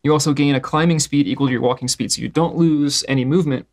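A man's voice: a little high, steady tone, fast. A man playing a tabletop game, explaining his moves and spell rules step by step. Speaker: player. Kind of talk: casual tabletop game chat.

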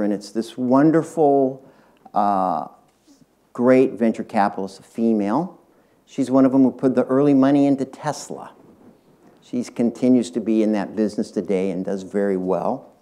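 A man's voice: fairly low pitch, mellow. An older man, a retired tech executive, tells a business anecdote to a university audience, speaking straight to the listeners. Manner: anecdotal, addresses the audience directly. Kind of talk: storytelling public talk. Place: university lecture hall.

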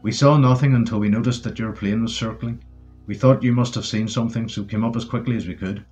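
A man voicing a brisk, dutiful German army sergeant while reading a war story. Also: medium pitch, steady tone, darkish tone, faint music behind, close to an everyday voice.

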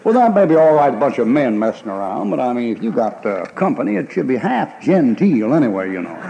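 A man's voice: mid-range voice, very animated, fairly quick, gravelly, mellow, dull audio. A male pastor, preaching a folksy, emphatic sermon and acting out the people in his stories with laughter.

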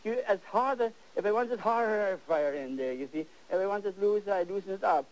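An older man hosting a TV painting lesson, exuberant and animated, repeating words as he works, on worn 1980s videotape audio. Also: high-pitched, a little fast, rough recording. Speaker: painting show host.

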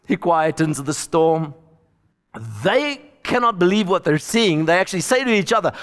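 A man's voice: sits high, lively intonation, moderate pace. A man preaching a sermon as a storyteller, acting out the voices of the people in the story. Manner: storytelling preacher, acts out voices of the disciples and Jesus. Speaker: pastor. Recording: long hall reverb.

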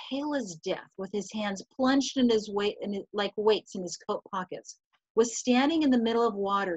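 A fairly high-voiced woman teacher reads a novel passage aloud over a video call, stumbling now and then and correcting herself. The sound is dry and somewhat dull, like lo-fi call audio. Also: no echo. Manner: steady reading with small slips and restarts.

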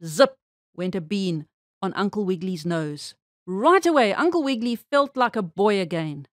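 A woman reading a children's storybook aloud with expressive, animated storytelling. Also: medium pitch, normal speed, no echo, studio quality.

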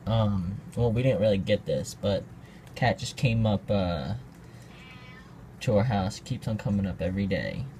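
A man in a casual daily vlog, narrating to a handheld phone camera, who switches to a high cooing voice when he talks to his pets. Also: animated, a little slow, dark tone, slight background noise. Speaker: vlogger.

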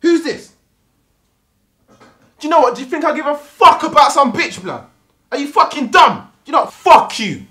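An actor with a London accent playing a hot-headed young gangster who swears and pushes hard. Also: male voice, high voice, very animated, fairly quick, pauses often. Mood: angry. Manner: aggressive, swearing, pushy. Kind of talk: gritty film acting.

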